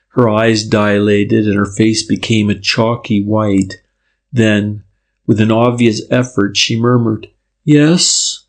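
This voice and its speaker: Gravelly-voiced male audiobook narrator. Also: fairly low pitch. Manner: steady, measured reading. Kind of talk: scripted narration.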